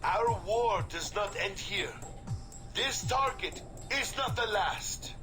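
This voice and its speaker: A man's voice: high voice, lively intonation, takes it slowly. An actor playing a male terrorist leader in a game, giving a solemn, grandiose threat in a put-on foreign accent. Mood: menacing. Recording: game audio with music behind.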